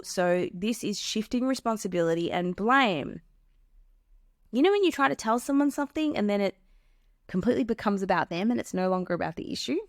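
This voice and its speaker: A woman's voice: medium pitch, no echo. A woman hosts a solo podcast and gives relationship advice in an earnest, explanatory way. Her voice sits in a middle range. The sound is close and dry. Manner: earnest, explains with acted-out examples.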